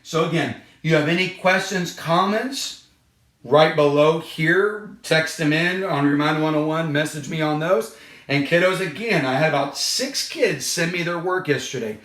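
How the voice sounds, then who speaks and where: A man's voice: a little high, moderate pace, fairly bright tone. Man teaching a kids' lesson, echoey room. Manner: patient, repeats points, stresses key words. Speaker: third grade teacher. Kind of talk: online lesson for kids and parents.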